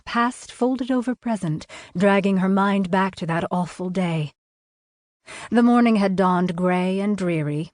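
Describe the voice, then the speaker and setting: A woman reading a historical romance audiobook in measured, expressive storytelling narration. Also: medium pitch, no room sound, studio quality.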